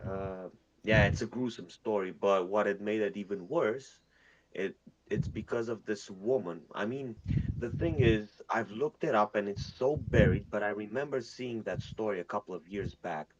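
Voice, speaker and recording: A man's voice: lowish voice, normal speed, slight background noise. A man in a casual voice-chat debate who keeps cutting in with probing questions and swears freely. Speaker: debate participant. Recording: dull dry voice-chat audio.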